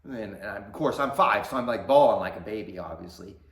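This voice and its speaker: A man with a lowish voice tells a story straight to camera in a loose, rambling way, full of ums and side remarks. The sound is roomy, with a clear echo off the walls. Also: fairly quick, fairly bright tone. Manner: conversational, rambling with fillers and asides. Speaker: YouTube channel host.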